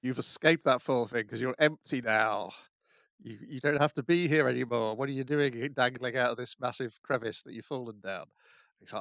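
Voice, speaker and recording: A man's voice: medium pitch, moderate pace, creaky, fairly bright tone, dry recording. A man co-hosting a casual podcast, introducing and recapping episodes with frequent fillers. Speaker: podcast co-host. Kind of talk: casual anime podcast chat.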